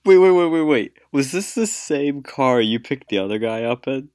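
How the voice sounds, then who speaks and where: A man's voice: mid-range voice, lively intonation, normal speed, a little mellow, dry recording, studio quality. A man hosting a casual podcast chat, cracking crude jokes with a guest. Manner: joking, crude banter.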